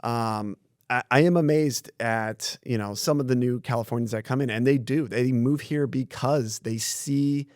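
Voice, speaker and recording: Easygoing man guest, mid-pitched, frank and anecdotal, dry close podcast mic. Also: normal speed, no room sound. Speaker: community foundation staff. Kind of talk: casual podcast conversation.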